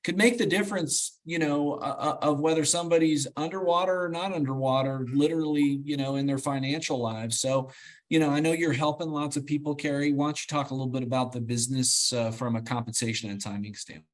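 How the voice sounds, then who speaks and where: A man's voice: fairly high pitch, brisk. A man hosting an online business presentation, talking in a rambling, filler-heavy, friendly way. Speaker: host. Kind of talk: casual business webinar hosting. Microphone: video call.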